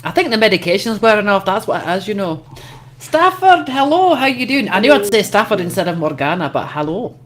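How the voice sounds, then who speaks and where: A woman's voice: medium pitch, quick pace, a little hiss or hum. A brash woman hosting a casual livestream chat, swearing freely and laughing often. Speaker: host.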